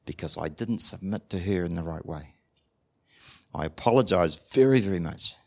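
A New man preaching in a chatty, conversational sermon. His pitch leaps up and down in a very animated way, and he keeps asking the congregation questions. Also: normal speed. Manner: acts out short dialogues in different voices. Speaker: pastor.

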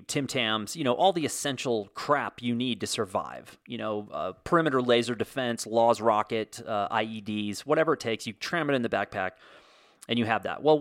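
A man's voice: medium pitch, a bit bright, no room sound, clean studio sound. A man in his forties hosting a casual solo monologue, telling stories in a wry, sarcastic way with comic exaggeration.

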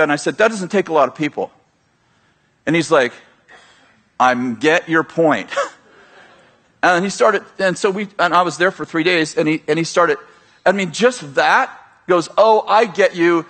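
A man's voice: fairly high pitch, a bit bright. Man preaching casually on stage. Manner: conversational preaching, acts out dialogue, frequent restarts. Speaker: pastor speaking at a leaders conference. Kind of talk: sermon. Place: large church auditorium.

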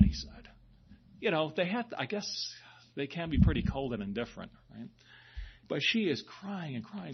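A priest giving a sermon, telling stories in a chatty way and often asking "right?". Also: male voice, a little high, very animated, moderate pace, creaky, lo-fi sound, a little hiss or hum. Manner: conversational storytelling, frequent "right?".

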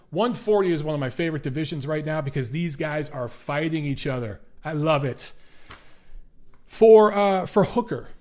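Chatty high-voiced male host. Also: darkish tone. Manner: blunt, profane, chatty. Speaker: boxing show host. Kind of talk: casual commentary with viewer Q&A.

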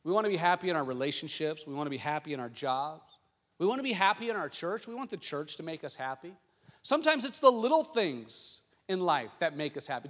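A male pastor preaching a sermon, telling stories and asking the congregation questions with rising excitement. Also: high voice. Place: church sanctuary. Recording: long hall reverb.

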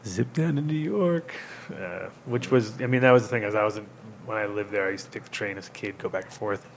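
A man's voice: on the low side, brisk, a little hiss or hum. A man from Rhode Island hosting a casual podcast chat, rambling through stories, swearing and acting out quotes. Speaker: podcast host.

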